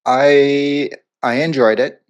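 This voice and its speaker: A man's voice: medium pitch, slow, clear, resonant tone, dull audio. A man co-hosting a movie review podcast, talking casually with lots of fillers and asides. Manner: rambling, animated, lots of fillers. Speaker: podcast co-host.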